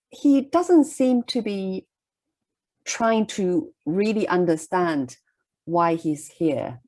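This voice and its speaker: Slow, animated woman lecturing on poetry. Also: mid-range voice. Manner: measured, explanatory, checks in with "okay?". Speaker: literature lecturer. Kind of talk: recorded lecture close-reading a poem.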